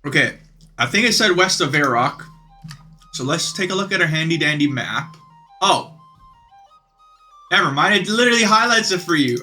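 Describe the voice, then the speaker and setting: An excitable young man talking his way through a game, chatty and swearing. His voice is bright and forceful, and faint music plays under it. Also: fairly high pitch, moderate pace, pauses often. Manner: excitable and chatty, swears and says bro a lot. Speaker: gaming video creator. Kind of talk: casual gameplay commentary.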